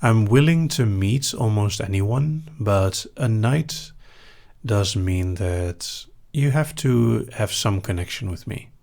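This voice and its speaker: A young Dutch man with a Dutch accent, a hypnosis show host calmly reading out and answering audience questions with dry humor. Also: fairly low pitch, creaky. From Netherlands. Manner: calm, unhurried, dry humor. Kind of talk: live Q&A reading chat questions.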